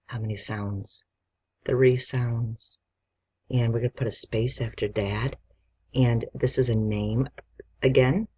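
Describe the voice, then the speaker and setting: A man's voice: mid-range voice, steady tone, slow, long pauses, a little mellow, husky. A male teacher giving a spelling lesson to young children, dictating words and patiently sounding out each letter.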